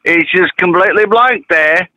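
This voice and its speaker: A man's voice: high-pitched, moderate pace, bright, forceful tone, dry recording, muffled recording. A man calling in to a show, chatting playfully in a put-on accent. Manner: playful, putting on a strange accent. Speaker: caller. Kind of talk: casual call-in chat.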